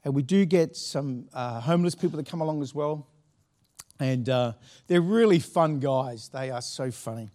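A man's voice: mid-range voice, normal speed, dark tone. Chatty pastor, storytelling man. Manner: chatty, storytelling with frequent laughs and restarts. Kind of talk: sermon anecdote.

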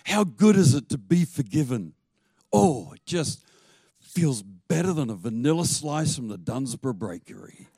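A man preaching a sermon as pastor. He tells stories in an animated way and laughs now and then. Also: mid-range voice, unhurried, husky, no room sound.

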